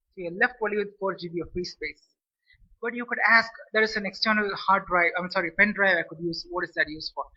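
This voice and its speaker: High, sharp-toned man explaining tech, off-mic. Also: husky. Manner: rambling, restarts sentences, keeps checking in with "okay?". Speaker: tech vlogger. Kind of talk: casual explainer vlog. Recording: distant, dull lo-fi mic.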